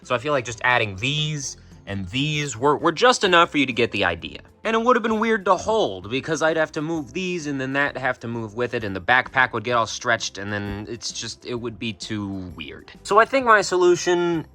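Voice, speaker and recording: A man's voice: medium pitch, very animated, normal speed, few pauses, sharp tone, soft background music. A young man in a casual vlog, rambling and mocking himself, swearing freely and often restarting his sentences. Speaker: plush maker and video creator.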